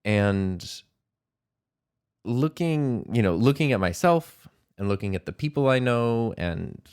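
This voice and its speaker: A man's voice: mid-range voice, expressive, slow pace, darkish tone, clean tone. A man hosting a solo podcast, talking in a reflective, rambling way with frequent small laughs. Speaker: podcast host and teacher. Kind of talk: casual solo podcast monologue.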